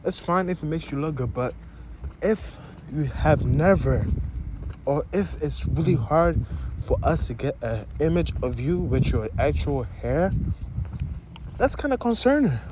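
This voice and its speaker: A young African vlogger whose accent blends African and American speaks straight to his viewers in an opinionated, rambling monologue to camera, repeating and restarting phrases. His voice is on the high side and a little slow, with a noisy background.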